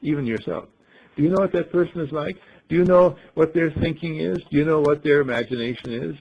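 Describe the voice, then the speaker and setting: A man with a very husky, gravelly voice tells a rambling story to a small group, swinging his pitch widely as he muses aloud. The sound is dull and lo-fi. He clears his throat often as he goes. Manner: playful, acts out voices in quotes, frequent throat clearing. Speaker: speaker telling a story to a group. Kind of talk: rambling spoken storytelling and musing.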